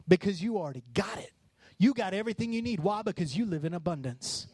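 A man preaching a sermon as pastor, passionate and rising to shouts on key lines. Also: high-pitched, expressive, fast talker, no room sound.

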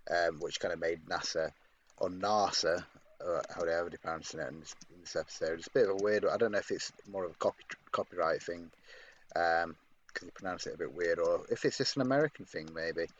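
Low-voiced man, dull lo-fi mic. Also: quick pace. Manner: hesitant, many ums and restarts. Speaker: podcast co-host. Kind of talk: casual podcast chat. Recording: dull lo-fi mic with faint noise.

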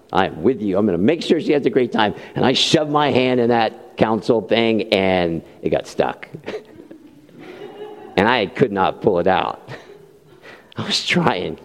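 A man's voice: mid-range voice, darkish tone. A middle-aged man preaching a sermon, telling a funny story about himself and laughing at his own mishaps. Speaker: pastor. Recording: long hall reverb.

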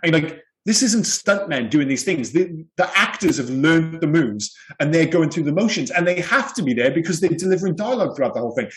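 Slightly high-voiced guy rambling excitedly on a podcast, lots of laughs. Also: fairly quick, hardly any pauses, low-quality recording. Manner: enthusiastic, rambling, laughs often. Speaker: podcast co-host. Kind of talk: casual chat.

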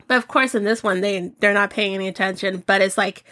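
A woman hosting a podcast, chatting casually about movie picks and acting out scenes in high voices. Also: steady tone, a little fast, bright, forceful tone, dry recording. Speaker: podcast host.

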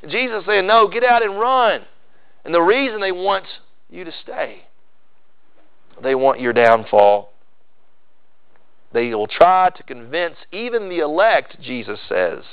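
A man preaching a sermon with emphatic delivery, swinging into loud, high bursts on key phrases. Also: very animated, takes it slowly, pauses often, smooth, highs cut off. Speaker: pastor.

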